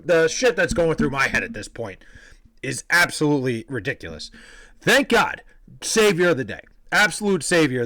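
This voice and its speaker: A young man from New York casually telling a story, animated, profane and self-deprecating. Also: a little high, dry recording, rough recording. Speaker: vlogger telling a personal story.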